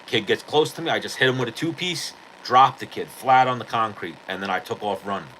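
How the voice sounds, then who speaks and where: A man's voice: medium pitch, a little fast, fairly bright tone, slight background noise, low-quality recording. A male podcast host telling a rambling, profane story in casual chat.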